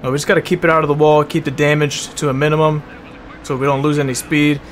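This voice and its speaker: Young male gamer, slightly high voice, slangy chat with angry flare-ups over a racing game. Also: flat delivery, fast talker, a little hiss or hum. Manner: swears a lot and calls people bro; flares into loud angry rants. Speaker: gaming video host. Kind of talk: casual racing game commentary.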